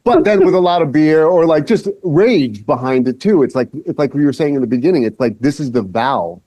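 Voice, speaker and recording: A man's voice: a little high, expressive, brisk, mellow, no room sound. A man talking in casual conversation, in a loose, rambling way full of "like" and "you know.". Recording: dull, muffled sound.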